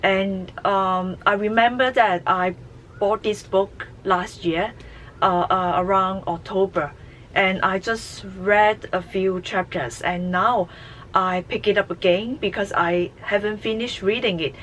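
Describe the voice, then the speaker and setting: Slow, halting woman reviewing a tarot deck. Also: mid-range voice, fairly even intonation, a bit bright, a little hiss or hum, rough recording. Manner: halting, many fillers. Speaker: tarot channel host.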